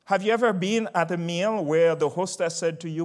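An older man preaching a sermon emphatically, moving from quiet asides to loud proclamations. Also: high-pitched, normal speed.

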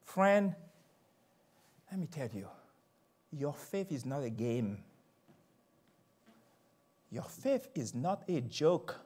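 Emphatic preacher, man, very lively pitch. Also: slow, long pauses. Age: older. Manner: emphatic, swings from soft asides to loud proclamations. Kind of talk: sermon.

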